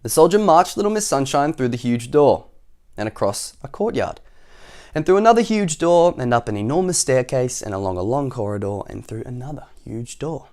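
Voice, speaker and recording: A man reading a children's picture book aloud as the storytime host. He is animated and playful, often turning to ask young listeners questions. His voice sits in an ordinary middle pitch. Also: brisk.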